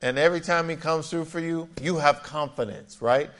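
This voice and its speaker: A man's voice: on the high side, steady tone, moderate pace, fairly bright tone. A man pastor preaching an emphatic sermon with frequent amens and scripture readings.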